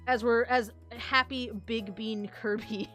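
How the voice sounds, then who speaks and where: A woman's voice: fairly high pitch, fairly even intonation, slow, fairly bright tone, soft background music. A young woman livestreaming, chatting casually with viewers in a giggly, rambling, self-deprecating way. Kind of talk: casual stream chat.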